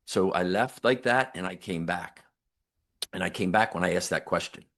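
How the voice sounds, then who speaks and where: Deep-voiced older man telling his story. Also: normal speed, fairly bright tone. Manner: earnest, reflective, retells dialogue with emphatic quotes. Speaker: guest, near-death survivor and author. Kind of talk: podcast interview storytelling.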